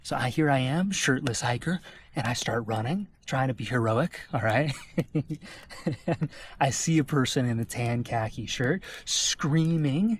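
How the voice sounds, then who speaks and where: An American man, a travel vlogger, telling a personal story to camera in an animated way and often checking in with his listeners. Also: mid-range voice, moderate pace, slight background noise. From United States.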